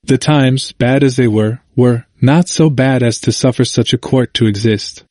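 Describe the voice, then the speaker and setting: A man reading a history book aloud as a narrator, in a measured, steady way. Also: mid-range voice, dry recording, studio quality.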